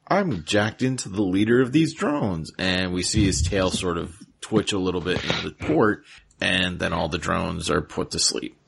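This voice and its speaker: A man's voice: deep voice, vocal fry, a bit bright, slight background noise. A male podcast host recapping a cartoon episode in a laid-back, rambling way.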